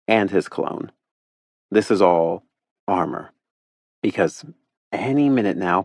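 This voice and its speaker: Deep-voiced man with wry narration. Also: no echo, studio quality. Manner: wry, playful, expressive. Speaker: audiobook narrator. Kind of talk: first-person audiobook narration.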